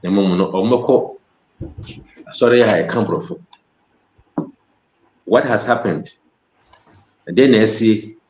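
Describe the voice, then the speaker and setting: A man's voice: lowish voice, takes it slowly, long pauses, a little mellow, echoey room. A man with a Ghanaian accent preaching a sermon, switching between Twi and English phrases.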